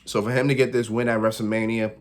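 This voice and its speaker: A man's voice: on the low side, little pitch movement, fast. Chatty man giving predictions. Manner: chatty, repeats phrases, laughs often. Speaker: wrestling pundit. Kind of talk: casual predictions vlog.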